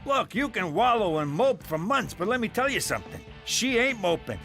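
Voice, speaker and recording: A crude, bright-voiced cartoon uncle. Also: male voice, high-pitched, very animated, moderate pace, faint music behind, full character voice. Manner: coarse, boastful. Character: crude, many-times-divorced older male uncle.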